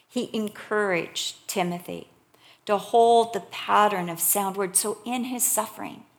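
Her voice mid-range and a little slow, a middle-aged female preacher delivers a sermon full of lively storytelling. She moves between forceful, loud stresses and quiet whispers.

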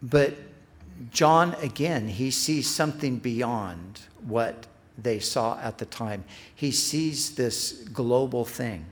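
A man's voice: mid-range voice, slow pace. A middle-aged man preaching a sermon as pastor. He speaks earnestly, building emphasis on repeated phrases, and restarts his sentences when he speaks off the cuff.

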